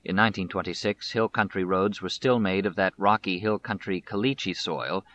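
Forceful, bright-toned male audiobook narrator. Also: low voice, fairly even intonation, moderate pace, highs cut off, slight background noise. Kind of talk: scripted biography narration.

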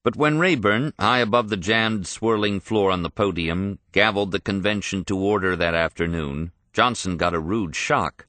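A man reading a history audiobook in a measured, even storytelling manner. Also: lowish voice, no echo. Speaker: narrator. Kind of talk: scripted audiobook narration.

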